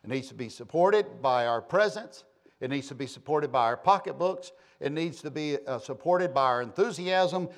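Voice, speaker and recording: Man, preacher, sermon, impassioned, wide swings in volume, lively pitch. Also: normal speed. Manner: impassioned, swings from soft to shouting. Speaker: pastor.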